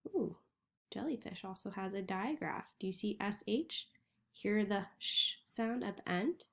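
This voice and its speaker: Slow, patient woman teaching reading. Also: mid-range voice, animated. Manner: slow, clearly sounding out letters. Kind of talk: reading lesson for young children.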